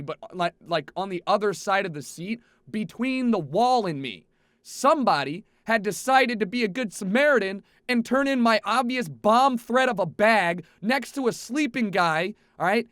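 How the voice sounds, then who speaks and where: A young male streamer with a high, bright voice tells the camera about a travel mishap, cursing freely. He's animated, lurching from exasperated near-shouts to low, muttered grumbles. The headset sound is close and dry, with no echo in the room.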